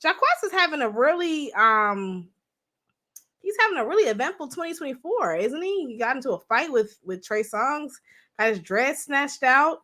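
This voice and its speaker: A woman's voice: high voice, big pitch swings, moderate pace, bright, forceful tone. A young woman hosting a livestream, chatting bluntly and profanely to her viewers. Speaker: livestream host. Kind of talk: casual livestream commentary.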